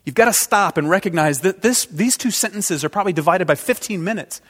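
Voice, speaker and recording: A man preaching a sermon, swinging from loud outbursts to hushed intensity. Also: high-pitched, fairly quick. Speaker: pastor. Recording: long reverb of a large hall.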